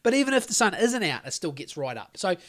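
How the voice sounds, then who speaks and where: A man's voice: sits high, sing-song, fast, fairly bright tone. An Australian man co-hosting a podcast, telling a long story in a rambling, sweary way with lots of restarts. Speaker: podcast co-host. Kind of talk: casual chat.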